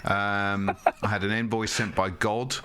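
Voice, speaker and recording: A man's voice: on the low side, little pitch movement, a little slow, background noise. A man co-hosting a comedy podcast, making dry, wry quips with laughs. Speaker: podcast co-host. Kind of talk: casual comedic chat.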